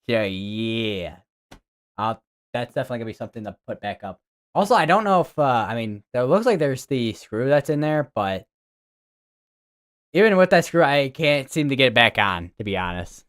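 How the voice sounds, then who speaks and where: A man's voice: mid-range voice, sing-song, normal speed, fairly bright tone. A young man from the United States hosting a casual weather livestream from his room, rambling and correcting himself as he talks. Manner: rambling, chatty, self-correcting. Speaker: weather stream host. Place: home room with green screen.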